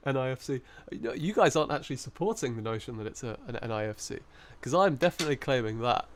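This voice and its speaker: A man's voice: mid-range voice, lively intonation, quick pace. Chatty man live-streaming. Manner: rambling and chatty, laughing often. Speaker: coin-hunting live streamer. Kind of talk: casual live-stream chat.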